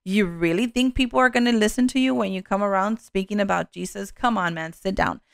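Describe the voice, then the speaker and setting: A woman's voice: mid-range voice, fairly quick, vocal fry, no room sound, clean studio sound, lightly acted. A woman voicing the mocking, accusing voice of the enemy in her sermon.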